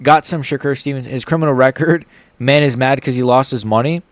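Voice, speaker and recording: A young man hosting a livestream, giving live fight reaction commentary in a rambling, excitable way, swearing and swinging from mumbles to shouts. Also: medium pitch, a little fast, dry recording. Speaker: livestream host.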